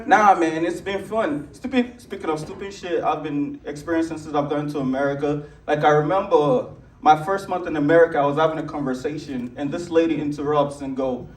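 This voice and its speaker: A man's voice: a little high, fairly quick, far from the mic. A young man in his twenties from Lagos with a Nigerian accent, doing a brash, crude stand-up set at a comedy club. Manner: brash, crude, conversational punchlines. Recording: echoey club audio from afar.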